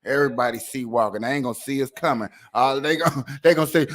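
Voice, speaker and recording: A man's voice: medium pitch, quick pace. A man hosting a casual, joking commentary show, laughing and riffing. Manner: animated, joking, laughing often. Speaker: host.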